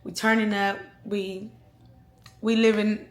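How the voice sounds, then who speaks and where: A woman's voice: mid-range voice, slow pace. Chatty woman telling a story, echoey. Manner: chatty, slangy, animated retelling. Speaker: storytime vlogger. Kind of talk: casual storytelling.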